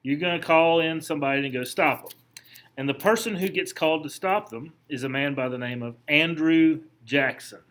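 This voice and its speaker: Lecturing his history students in a chatty style, a man points things out, asks them questions, and restarts himself frequently. His voice runs on the high side and a bit bright, and he talks a little fast with few pauses.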